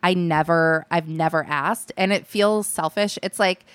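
A woman's voice: fairly low pitch, unhurried, clear, resonant tone, no echo. A young woman from Alaska, a podcast guest chatting casually, laughing often and restarting her sentences. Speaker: podcast guest, comedy writer. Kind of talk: casual chat.

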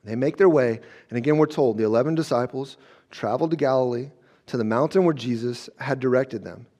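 At medium pitch, brisk and mellow, a male pastor preaches in a conversational style. Frequent "okay?" check-ins and restarts punctuate his talk, and he acts out scenes as he speaks.

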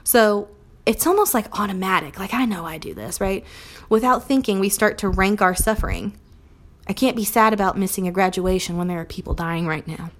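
Speaking fairly quickly in a medium-pitched voice, a young adult woman who teaches Montessori gives a recorded talk about her work. She's earnest and thoughtful, acting out short phrases as she quotes them.

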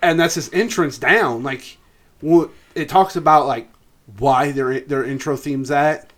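A man's voice: a little high, measured pace, a bit bright. A man co-hosting a podcast, telling loose, profane stories between laughs. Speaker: podcast co-host. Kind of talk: casual chat.

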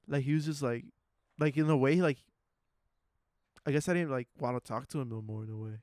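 A man's voice: mid-range voice, brisk, a little mellow, no room sound, studio quality. A young man, chatting casually and rambling, with many hesitant fillers. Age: young adult. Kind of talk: casual chat.

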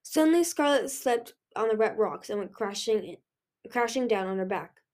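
A young woman reading a fantasy novel chapter aloud in an expressive way. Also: a little high, normal speed. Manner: expressive, lively. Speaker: reader. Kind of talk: audiobook-style reading.

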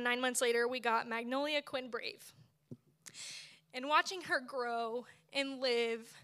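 Bright-voiced woman preaching a testimony. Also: sits high. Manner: expressive storytelling with laughs. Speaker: speaker at church. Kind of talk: personal testimony sermon.

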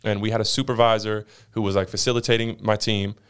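Young man, podcast host, low smooth voice, casual rant, animated storytelling. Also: quick pace. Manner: animated storyteller who acts out quotes with swearing.

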